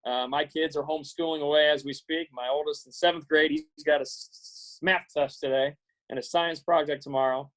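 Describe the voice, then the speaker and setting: Man, forties, from Iowa, fairly high voice, halting and earnest, video call audio. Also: fairly even intonation, a bit bright, rough recording. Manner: earnest, halting, many fillers and restarts. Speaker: guest speaker. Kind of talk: casual talk to students on a video call.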